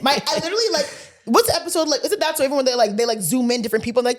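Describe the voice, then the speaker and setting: A young woman co-hosting a podcast, telling a story in animated, slangy casual chat and acting out the dialogue. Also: high-pitched, very fast, a crowd in the background. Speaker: podcast co-host.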